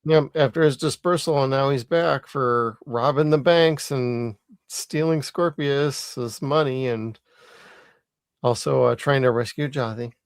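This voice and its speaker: Tired guy co-hosting a podcast, excited and a bit sweary, dry close mic. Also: medium pitch, unhurried, smooth, no room sound. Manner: enthusiastic, swears casually. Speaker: podcast co-host. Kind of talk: casual chat.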